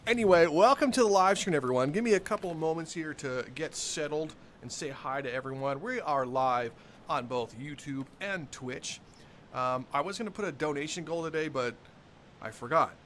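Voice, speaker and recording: A man's voice: fairly high pitch, moderate pace, fairly bright tone, slight background noise. Upbeat young male game streamer. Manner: upbeat, greets chat by name, laughs often. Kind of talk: live game stream chat. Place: home room with dogs nearby.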